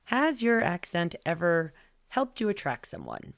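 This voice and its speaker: A woman's voice: fairly low pitch, wildly swooping pitch, measured pace, creaky, dry recording, clean studio sound. A woman hosting a podcast, chatting playfully and teasing her guest in a casual interview. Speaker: podcast host.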